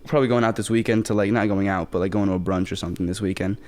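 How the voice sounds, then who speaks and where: A man's voice: on the low side, fairly even intonation, rapid-fire, a little mellow. A young man in his twenties from the Bronx, an actor guest chatting casually in an interview, rambling with lots of fillers and restarts. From the Bronx, New York. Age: 20s.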